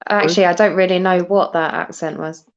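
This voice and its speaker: A woman in her thirties from Britain, hosting a live stream in casual chat, chatty and quick to laugh, often restarting her sentences. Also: on the low side, steady tone, a crowd in the background. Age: 30s. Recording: dull, lo-fi stream audio.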